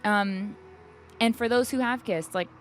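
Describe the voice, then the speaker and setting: A woman's voice: medium pitch, measured pace, soft background music. A young woman, a singer, chatting candidly in an interview and laughing often as she tells her stories. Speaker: guest singer. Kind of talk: casual interview chat. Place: backstage at an event.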